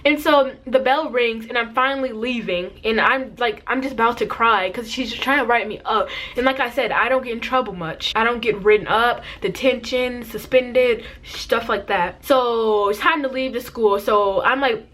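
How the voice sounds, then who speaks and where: A teenage girl vlogger telling a casual storytime, chatty and quick to laugh. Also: a little high, a bit bright. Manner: chatty, many "like" fillers, laughs easily.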